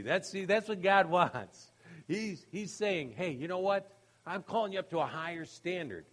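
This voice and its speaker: A man's voice: sits high, expressive, moderate pace, a bit bright. A man preaching a sermon in a conversational way, often asking "okay?" and acting out funny anecdotes. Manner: conversational, many "you know" and "okay?" asides; acts out quoted voices in humorous anecdotes, laughing. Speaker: pastor.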